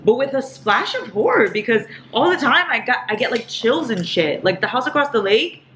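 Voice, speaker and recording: A young woman in her twenties chatting excitedly about books in a casual reading vlog, swearing casually and saying "like" a lot. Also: a little high, normal speed, slight background noise. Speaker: book vlogger. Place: home kitchen at night.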